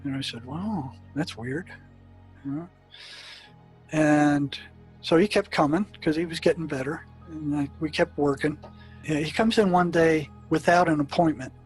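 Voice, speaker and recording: A man who once worked as a prison therapist, recounting sessions with patients in a halting way, often stumbling and repeating his words. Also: on the high side. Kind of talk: storytelling recollection.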